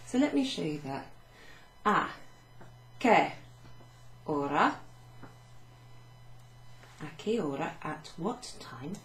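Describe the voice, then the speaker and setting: A woman's voice: sits low, creaky, a little mellow, roomy sound, slight background noise, rough recording. A woman language teacher talking through a recorded class summary, chatty and self-mocking, walking through Italian phrases at a whiteboard. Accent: Welsh. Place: home room with a whiteboard. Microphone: camera across the room.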